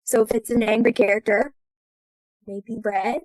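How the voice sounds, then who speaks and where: A woman's voice: a little high, fairly even intonation, unhurried, darkish tone, no echo, poor audio. A young American woman, an actress, talking thoughtfully as a podcast guest. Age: young adult. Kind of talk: casual interview.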